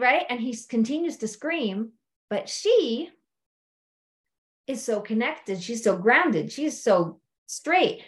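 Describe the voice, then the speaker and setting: A woman coach telling stories from her clients in an animated, conversational way, often checking in with her listeners. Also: on the high side, slow. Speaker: life coach. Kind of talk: storytelling coaching talk.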